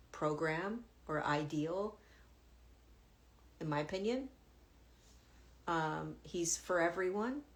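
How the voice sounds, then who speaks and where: A woman spiritual teacher talking to viewers in a casual livestream, gentle and musing. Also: deep voice. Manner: gentle, musing, soft-spoken.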